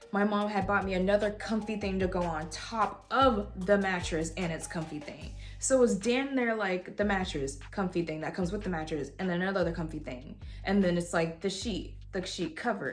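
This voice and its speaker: Young woman vlogger, lively storyteller, curses a lot, faint music underneath. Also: medium pitch. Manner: animated, swears freely, voices others in quotes. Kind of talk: casual storytelling. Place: home room with a heater.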